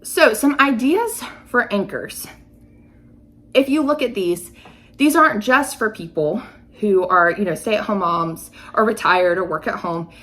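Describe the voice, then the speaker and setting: A woman in her thirties hosting a podcast, explaining ideas in a chatty, teacherly way with lively emphasis. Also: mid-range voice, unhurried. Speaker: podcast host.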